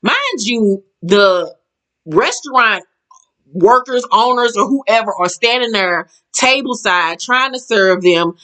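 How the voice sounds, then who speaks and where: A woman casually recapping a reality show episode, animated and slangy, laughing and acting out the quotes. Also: takes it slowly. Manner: animated, laughing, acts out quotes in a higher pitch; slangy and profane, says child and girl.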